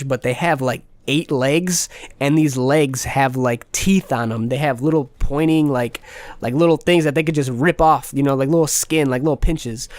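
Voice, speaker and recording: A young man rambles through a casual storytime, his slang-heavy, profane delivery sitting a touch high in pitch. He talks loosely and drifts in and out of asides. The recording is close and dry, with no room sound. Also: dry recording. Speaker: vlogger.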